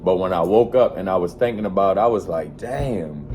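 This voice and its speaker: A man casually telling a story in a vlog, animated, full of slang and swearing. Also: sits low, fast talker, faint music behind. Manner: animated, slangy and profane, acts out quoted voices. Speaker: vlogger.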